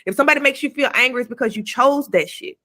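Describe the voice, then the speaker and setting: A woman's voice: sits high, quick pace, sharp tone. A woman co-hosting a podcast, giving blunt, emphatic advice in casual talk and swearing freely. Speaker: podcast co-host.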